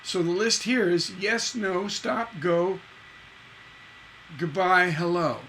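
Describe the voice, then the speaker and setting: Bright, chatty man teaching songwriting. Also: high voice, slow pace, slight background noise, poor audio. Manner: chatty, rambling, repeats words, sings syllables to show rhythm. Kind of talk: casual livestream lesson.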